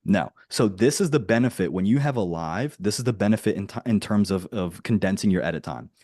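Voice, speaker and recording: A man coaching on a group call, talking in a direct, dry-humored, flat way and often trailing off with "right?". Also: on the low side, fairly quick, no room sound. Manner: rambling, with many restarts and "right?" tags. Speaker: business coach. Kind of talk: casual teaching on a group call.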